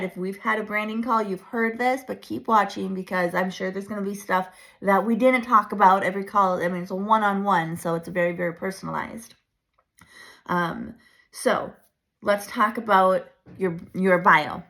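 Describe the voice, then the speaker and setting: A woman in her thirties coaching her viewers in a chatty, animated way, laughing often. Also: medium pitch, normal speed, vocal fry. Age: 30s. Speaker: branding coach. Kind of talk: casual coaching talk to camera.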